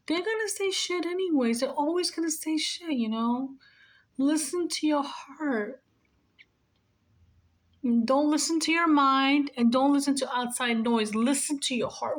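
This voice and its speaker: A high-pitched woman in her forties, working as a nurse, gives life advice with earnest emotion, circling back to her points again and again in a heartfelt monologue.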